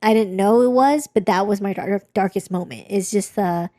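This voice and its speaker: A young woman co-hosting a podcast speaks in a warm, mid-range voice at a moderate pace. Her casual chat about a personal story is candid and rambling with many restarts, recorded at studio quality with no echo.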